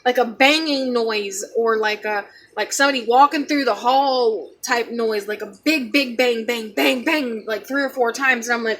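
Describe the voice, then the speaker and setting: A woman's voice: fairly high pitch, normal speed. A young woman vlogger telling a personal story in a casual, rambling way, acting out what people said. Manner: animated, rambling, acts out quotes.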